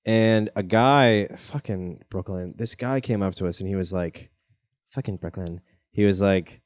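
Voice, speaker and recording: Young male comedy podcast host, lowish voice, dry close sound, animated storyteller. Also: normal speed, no echo. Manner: animated storytelling, swears, jumps up in pitch when telling anecdotes. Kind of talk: casual comedic chat.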